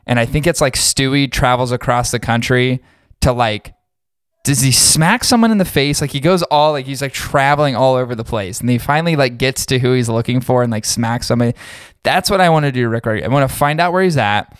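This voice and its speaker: A man's voice: mid-range voice, a little fast, clean tone, no echo, studio quality. A man co-hosting a podcast, heatedly ranting with lots of swearing in a casual talk style. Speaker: podcast co-host.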